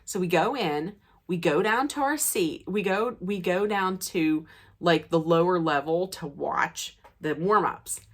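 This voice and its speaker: A woman vlogger telling an anecdote in an animated, excitable way. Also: on the low side, a little slow. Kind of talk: storytelling anecdote.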